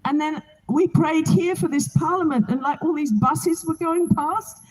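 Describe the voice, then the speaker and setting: High-voiced earnest woman testifying. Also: a little slow, a little mellow, poor audio. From England. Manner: earnest, heartfelt, preacherly. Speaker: Bible reading organizer. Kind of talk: spoken testimony to a gathering. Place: outdoors.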